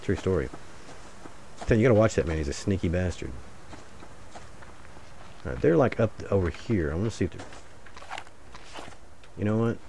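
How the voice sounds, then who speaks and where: A low-voiced gaming channel host with a drawl and vocal fry chats jokily through a solo survival game at normal speed, pausing often and muttering asides to viewers. His pitch swings widely, dropping into mutters and rising when he's excited, with faint noise beneath a plain desk mic.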